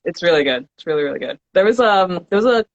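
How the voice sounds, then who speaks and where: A woman's voice: lowish voice, lively intonation, fast, no echo, highs cut off. A woman hosting a casual podcast chat, upbeat and encouraging with her guest. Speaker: podcast host.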